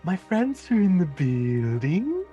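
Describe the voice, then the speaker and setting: A man playing an adventurer who awkwardly copies a whale's high, slow, sing-song voice. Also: sing-song, dull audio, over music, full character voice. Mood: mimicking. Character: character copying the whale's voice, awkward and earnest.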